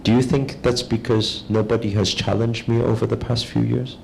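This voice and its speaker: Calm gravelly man, spiritual talk. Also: medium pitch, a little hiss or hum, poor audio. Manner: calm, measured, slow and deliberate. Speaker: spiritual teacher.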